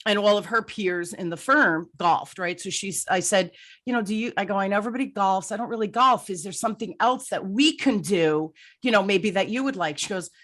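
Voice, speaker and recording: A woman's voice: medium pitch, a little fast, fairly bright tone. A middle-aged woman hosting an interview podcast, telling an anecdote in a chatty, emphatic way. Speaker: podcast host. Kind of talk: conversational interview.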